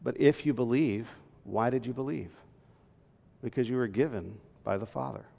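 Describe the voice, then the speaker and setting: A man's voice: medium pitch, moderate pace, creaky, mellow. A man preaching a sermon, reading scripture aloud and explaining it earnestly, rising to emphatic peaks. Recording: long reverb in a large hall.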